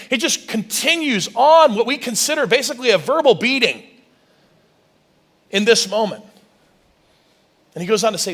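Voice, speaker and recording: High-voiced man preaching with many restarts. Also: brisk. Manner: animated preaching, many restarts, reads scripture aloud; gets loud and high when stressing a point. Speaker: pastor. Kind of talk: sermon.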